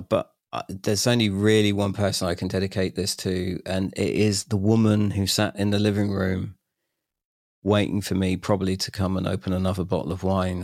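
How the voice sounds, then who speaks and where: Man in his 40s, lowish voice, dry close sound, laughs a lot while he tells stories. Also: dry recording. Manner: animated, laughs often, acts out quoted voices. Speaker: guest. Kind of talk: casual storytelling chat.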